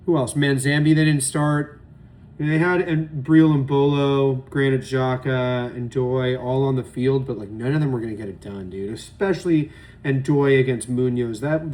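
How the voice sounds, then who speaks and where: A man's voice: mid-range voice, darkish tone. A young man giving loose, opinionated solo commentary on football matches, rambling and swearing often. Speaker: sports podcast host. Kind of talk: casual solo sports commentary.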